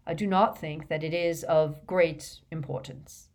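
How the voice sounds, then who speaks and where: A woman reading as an old, wise male headmaster, measured and gently stern. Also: deep voice, vocal fry. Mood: calm. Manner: measured, sharp when pressed.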